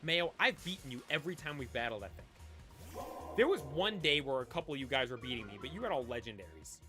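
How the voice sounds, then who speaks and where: Chatty male streamer, bright voice. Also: mid-range voice, expressive, fast, soft background music. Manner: rambling, talks to chat. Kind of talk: casual live-stream chat. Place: cold room at home.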